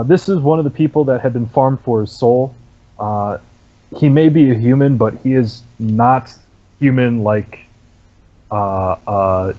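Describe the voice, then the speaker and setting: A man's voice: medium pitch, dull audio. Man running a tabletop game over voice chat. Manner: casual, relaxed narration with frequent fillers. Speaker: game master. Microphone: online voice chat mic.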